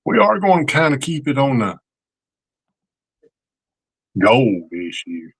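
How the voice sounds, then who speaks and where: A man from Georgia with a Southern accent, co-hosting a casual livestream and greeting viewers by name in a slow drawl. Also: medium pitch, wildly swooping pitch, vocal fry, a bit bright, slightly rough, dry recording. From Georgia, USA. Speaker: co-host of a relics livestream. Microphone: desk mic, typing nearby.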